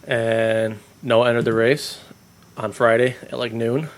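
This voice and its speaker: A man's voice: mid-range voice, level tone, unhurried, slight background noise. A man co-hosting a casual podcast, telling profane stories and acting out phone calls. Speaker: podcast co-host, race organizer. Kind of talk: casual chat.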